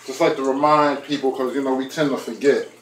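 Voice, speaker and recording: A man's voice: mid-range voice, steady tone, a little fast, reverberant, a little hiss or hum, low-quality recording. A man chatting casually to his viewers while he makes food in his kitchen, talking to them directly. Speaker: vlogger. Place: home kitchen.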